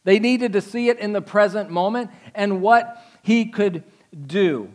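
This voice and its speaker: A man preaching a sermon as pastor, animated and conversational, acting out quotes from the story. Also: high voice, a little slow.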